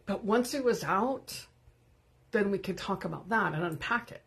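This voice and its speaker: A woman's voice: mid-range voice, expressive, normal speed, creaky, fairly bright tone. A woman hosting an unscripted live stream, talking candidly and greeting viewers by name as she goes. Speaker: livestream host.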